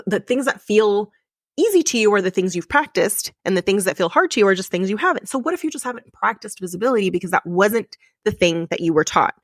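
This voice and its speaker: A woman's voice: mid-range voice, dry recording. Earnest, emotional woman podcast host, dry sound. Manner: repetitive and emphatic. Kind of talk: solo podcast coaching talk.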